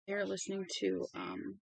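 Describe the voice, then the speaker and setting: Before reading a novel aloud, a woman at home chats and rambles, mixing small talk with a high sing-song voice for her dog. She sounds very animated, a little slow and creaky, with no echo.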